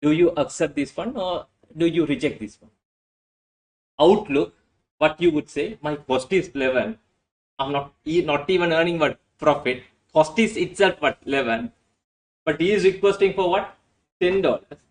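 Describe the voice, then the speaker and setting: A man's voice: on the high side, normal speed, low-quality recording. A male lecturer teaching a class, often asking "what?" and answering himself. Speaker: accounting lecturer.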